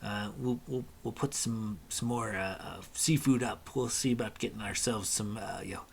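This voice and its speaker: A man's voice: lowish voice, moderate pace, gravelly, breathy edge. A man voicing a worried fatherly middle-aged man who likes his whiskey, speaking hesitantly with many fillers. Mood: worried, hearty.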